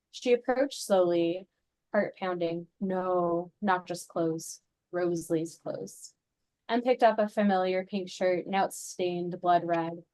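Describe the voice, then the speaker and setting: A woman reading aloud her own suspense story at a writing workshop, in a steady, even storytelling voice. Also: medium pitch.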